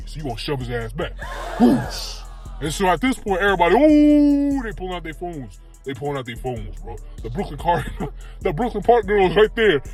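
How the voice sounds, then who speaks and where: Male comic storyteller, high lively voice, faint music under it. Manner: animated, slangy, laughs while telling. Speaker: comedian telling a skit.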